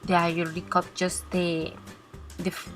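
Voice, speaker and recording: A woman narrating a card-making tutorial step by step, pausing and searching for her words as she explains. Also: on the low side, monotone, soft background music. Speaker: cardmaking blogger.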